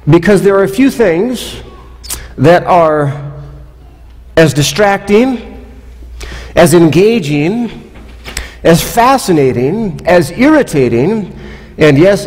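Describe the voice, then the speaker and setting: Pastor with a wry conversational sermon style. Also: male voice, a little high, a little mellow, big-room sound. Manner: conversational, wry storytelling with asides. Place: church sanctuary.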